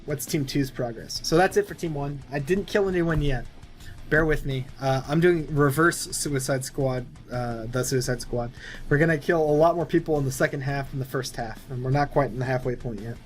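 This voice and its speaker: Faint music plays behind a young movie creator as he pitches his own film's plot in a loose, rambling narration full of filler words. He speaks at a normal speed in a mid-range voice.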